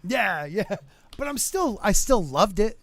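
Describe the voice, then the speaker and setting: Man, podcast host, high voice, very lively pitch, dry close sound, joking casual chat. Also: unhurried, creaky, no echo. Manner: animated, joking, drifts into silly voices.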